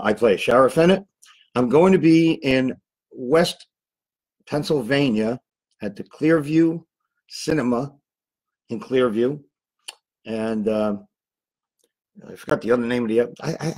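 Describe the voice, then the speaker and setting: A man's voice: mid-range voice, animated, moderate pace, pauses often, darkish tone, slightly rough, low-quality recording. A man who is an actor, guesting on a podcast and rambling loosely about his projects. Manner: loose, rambling, easily sidetracked. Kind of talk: casual chat.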